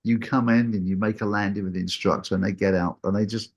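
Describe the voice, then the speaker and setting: A man telling a personal story in a casual, animated way, acting out what people said. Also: quick pace, gravelly, highs cut off. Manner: animated, acts out what people said with big jumps in pitch.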